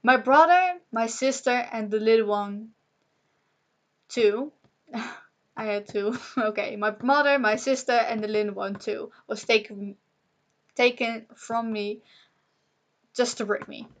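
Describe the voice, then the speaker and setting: Slow, halting young woman, upset. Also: fairly high pitch. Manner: rambling and halting, with nervous laughs. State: upset and emotional. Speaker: vlogger. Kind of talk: emotional personal monologue to camera.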